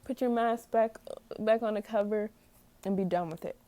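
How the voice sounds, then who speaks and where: A woman's voice: mid-range voice, fairly even intonation, moderate pace, dark tone, dry recording. A young woman ranting casually to camera, rambling and exasperated, stumbling over words and laughing at herself. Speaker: vlogger.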